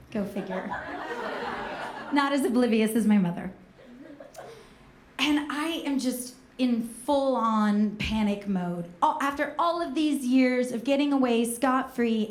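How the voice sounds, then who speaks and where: A woman from Northern California telling a comedic personal story on stage, lively and self-mocking, acting out the voices she quotes. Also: fairly high pitch, roomy sound.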